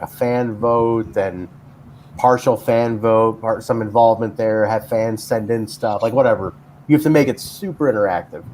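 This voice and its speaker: A man's voice: medium pitch, a little mellow, slight background noise. A man hosting a casual chat show, rambling with lots of fillers and restarts. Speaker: podcast host.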